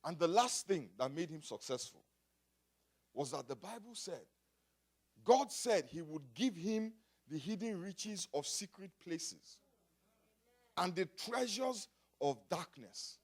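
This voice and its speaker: A male pastor from Africa delivers a sermon in a voice pitched high for a man. His delivery swings widely in pitch as he builds from quiet asides to loud, shouted points. He calls out to the congregation for responses. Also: animated, slow, husky.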